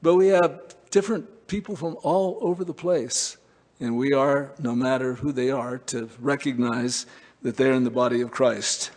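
A man's voice: medium pitch, normal speed, a little mellow, in a large hall. A male preacher delivering a conversational sermon, with many fillers and restarts.

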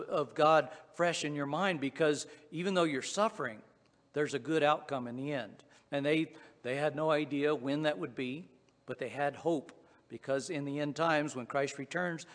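Folksy Southwest Virginia preacher, hall reverb. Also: male voice, on the high side. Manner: folksy, conversational with frequent uh and restarts. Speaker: pastor. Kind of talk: sermon.

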